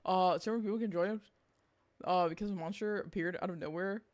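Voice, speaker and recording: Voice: mid-range voice, steady tone, quick pace, a little mellow. A VTuber streamer chatting casually with chat, reading messages aloud, swearing freely and often breaking into laughter.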